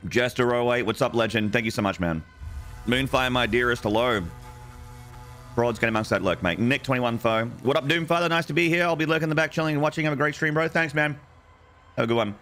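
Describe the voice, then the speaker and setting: A man's voice: mid-range voice, fast talker, fairly bright tone, soft background music. A young man streaming games, greeting his chat in a playful, banter-filled way with casual swearing. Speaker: gaming streamer.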